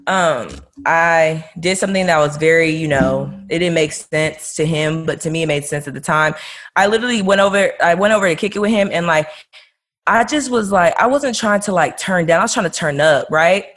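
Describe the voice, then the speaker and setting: A woman's voice: low voice, fairly quick, fairly bright tone. A woman co-hosting a casual podcast, talking in a hesitant, rambling way full of fillers. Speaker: podcast co-host. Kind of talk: casual storytelling chat.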